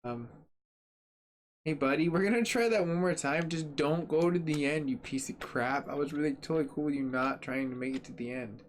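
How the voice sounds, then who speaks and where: A man's voice: on the high side, moderate pace, a little hiss or hum. A man hosting a gaming channel, giving casual, joking, rambling commentary at his home computer setup while he tests a graphics card. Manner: joking, rambling and sarcastic, with frequent fillers.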